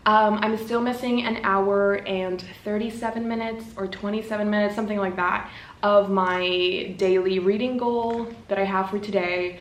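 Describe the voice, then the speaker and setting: A young woman in her twenties chatting casually as a book vlogger at home, easily getting giddy and breathless with excitement. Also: medium pitch. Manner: chatty, quickly overexcited and giggly. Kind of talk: casual vlog talk. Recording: roomy home room, faint background hiss.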